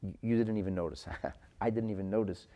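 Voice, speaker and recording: A man teaching a Chassidic class to viewers, animated, repeating words as he searches for the right phrasing, and dropping into his talk. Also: on the low side, a little fast. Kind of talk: live-streamed Torah class answering viewer comments.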